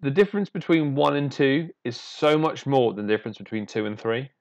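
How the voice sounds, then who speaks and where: A man's voice: mid-range voice, fairly quick, no echo, lo-fi sound. A man co-hosting a podcast, chatting casually and analytically about a card game, often laughing. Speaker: podcast co-host.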